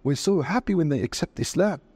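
A male religious scholar answers in a rapid, earnest, preaching flow. His voice is husky and darkly mellow, sitting a touch high for a man. The sound is close and dry. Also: animated, no room sound. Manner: earnest, preaching, quotes scripture. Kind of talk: interview answers on faith.

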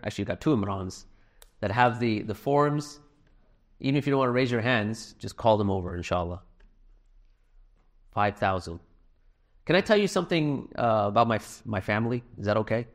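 A middle-aged man preaches a fundraising sermon to a gathered audience in a hall. He speaks earnestly and conversationally, mixing personal stories with gentle self-deprecating humor, at a mid-range pitch. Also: fairly quick.

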